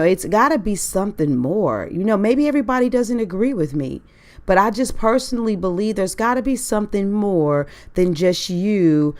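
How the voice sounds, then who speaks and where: Woman, podcast host, lower voice, casual solo talk full of rhetorical questions.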